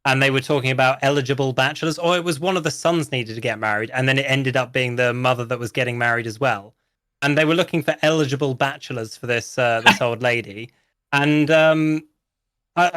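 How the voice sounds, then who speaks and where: A man's voice: mid-range voice, a bit bright, dry recording, clean studio sound. A man chatting casually about roleplay, rambling through a long story with many restarts and some swearing. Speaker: roleplay guest. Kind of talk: casual podcast chat.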